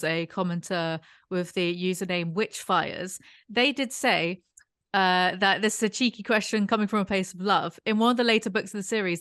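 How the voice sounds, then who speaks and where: A woman's voice: mid-range voice, a bit bright. A young woman hosting an interview, chatty and thinking aloud with "like" and "sort of" while posing questions to a guest. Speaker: host.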